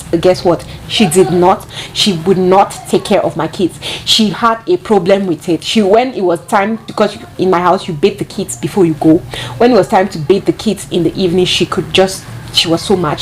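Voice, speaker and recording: A woman's voice: medium pitch, a little hiss or hum, rough recording. A woman telling a storytime tale to her viewers, chatty and repeating herself for emphasis. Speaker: vlogger. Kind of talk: storytime monologue.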